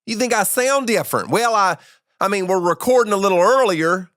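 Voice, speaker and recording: A man putting on a high, chirpy host voice. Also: animated, brisk, a bit bright, dry recording, clean studio sound. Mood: defensive. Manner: bouncy, over-cheerful host patter. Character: man in an odd high-pitched show-opener voice.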